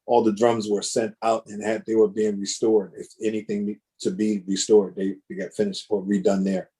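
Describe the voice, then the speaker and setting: A man, a drummer, telling animated, rambling stories over a video call, with lots of restarts. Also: on the low side, moderate pace. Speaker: guest drummer. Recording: choppy internet connection.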